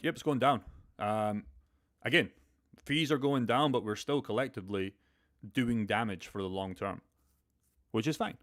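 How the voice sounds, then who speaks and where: A man's voice: mid-range voice, normal speed, long pauses, fairly bright tone. A young man hosting a crypto live stream, talking bluntly and profanely in a motivational way. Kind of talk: casual live stream chat.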